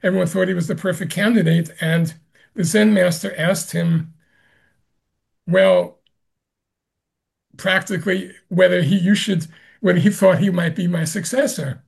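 Slow gravelly-voiced Zen master. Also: male voice, high-pitched. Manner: slow, gentle storytelling with soft laughs. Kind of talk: reflective interview answer.

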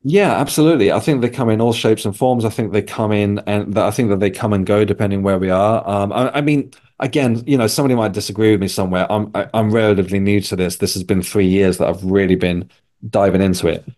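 Low-voiced man telling a rambling story. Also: quick pace, darkish tone. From England. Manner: rambling, self-correcting storyteller. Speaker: guest. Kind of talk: casual conversation.

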